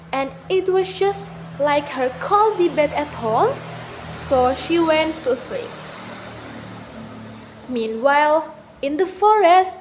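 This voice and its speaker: A young woman with an Indonesian accent reads a children's story slowly and with care. Her voice is high, and she stumbles and corrects herself now and then. A faint hiss sits under the recording. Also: low-quality recording. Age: young adult. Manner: careful reading with small slips. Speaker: student. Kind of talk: storybook reading for class.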